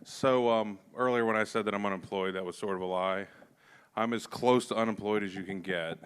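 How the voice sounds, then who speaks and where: A comic hosting a comedy show tells profane stand-up stories on a club stage, acting out the dialogue. His lowish voice keeps a steady tone and a smooth sound, moving a little fast.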